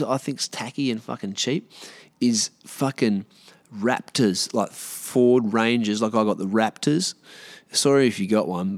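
An Australian man in his late thirties, a podcast host, ranting alone in a rambling, profane, sarcastic way. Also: mid-range voice. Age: 30s. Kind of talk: solo rant.

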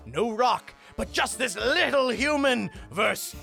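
Theatrical ringmaster, high and bright, big announcer delivery, a man putting it on. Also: expressive, unhurried, creaky, soft background music, heavily acted. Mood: showy. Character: showy male circus ringmaster.

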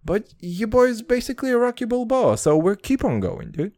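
A man's voice: high voice, very animated, fairly quick, dark tone. A young man hosting a podcast, talking in a brash, profane, self-mocking comedic monologue. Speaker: podcast host.

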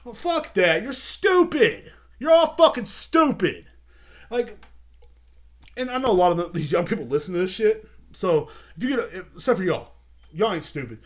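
A man's voice: high-pitched, lively intonation, fairly quick. A young man hosting a podcast, ranting heatedly and repeating himself with constant swearing. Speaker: podcast host. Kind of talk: profane rant. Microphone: video podcast mic.

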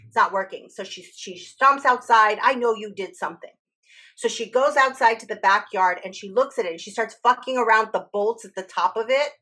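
A woman's voice: fairly high pitch, fairly quick, few pauses, sharp tone. A woman telling a personal story in a candid conversational podcast, swearing freely and acting out quoted dialogue.

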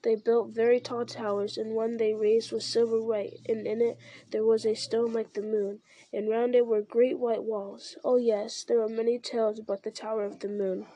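A woman's voice: fairly high pitch, flat delivery, moderate pace, mellow, no room sound, natural voice. Gollum, a fawning wretched creature, as a woman reads him. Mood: wistful. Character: wretched groveling male creature, fawning and fearful. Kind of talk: audiobook character reading.

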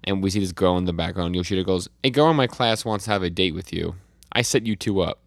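A man's voice: deep voice, fast, gravelly, dry recording, clean studio sound. A man co-hosting a podcast, casually recapping comic chapters and reading out the dialogue with fillers and restarts. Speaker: podcast co-host.

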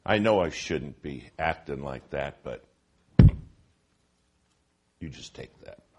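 Man, preacher, low husky voice, animated sermon storytelling, auditorium. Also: slow. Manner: animated storytelling, shifting from hushed to loud.

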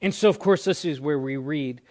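A man's voice: fairly high pitch, moderate pace, darkish tone. A man preaching a sermon as a pastor, earnest, often repeating words and stretching out phrases for emphasis.

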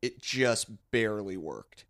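A man co-hosting a podcast in casual chat, rambling excitedly and restarting his thoughts. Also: fairly low pitch, unhurried, gravelly, no echo, clean studio sound.

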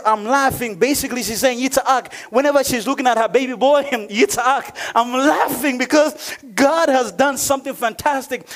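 A man with a very high speaking voice preaches a sermon in an emphatic style. He asks his listeners questions and laughs often between points. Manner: emphatic preaching with sudden drops to a low, joking aside voice. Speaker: pastor.

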